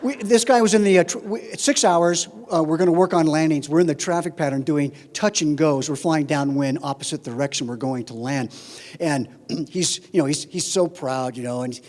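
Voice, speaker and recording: A man's voice: fairly high pitch, normal speed. A man, a flight instructor, giving a humorous speech at a conference, telling comic stories. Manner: animated comic storyteller. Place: conference hall. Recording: reverberant conference hall.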